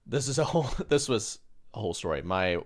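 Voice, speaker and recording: A young man with a fairly low voice co-hosts a casual podcast. He tells stories in an animated way and acts out what people said. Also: brisk. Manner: animated storyteller, acts out quotes. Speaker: podcast co-host. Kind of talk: casual chat.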